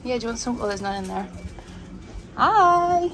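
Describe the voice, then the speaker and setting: A young woman talks straight into a handheld camera, chatty and bubbly, her voice sitting a little high. She slips into a sing-song tone when she talks to her dogs, with a faint hiss of noise behind her. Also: sing-song, moderate pace, a bit bright. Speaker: vlogger. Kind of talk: casual vlog chat to camera.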